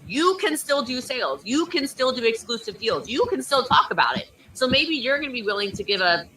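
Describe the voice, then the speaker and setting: High-energy woman giving sales coaching. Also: big pitch swings, a little fast, pushed and bright, far from the mic, slight background noise, rough recording. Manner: high-energy, emphatic, pushy. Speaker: network marketing coach. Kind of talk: motivational coaching talk. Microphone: video call.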